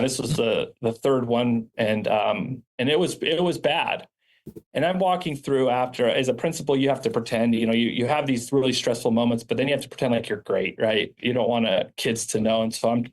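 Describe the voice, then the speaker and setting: A man, a charter school founder and principal, telling stories from his school in an earnest, reflective way with frequent restarts. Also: mid-range voice. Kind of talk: podcast interview storytelling.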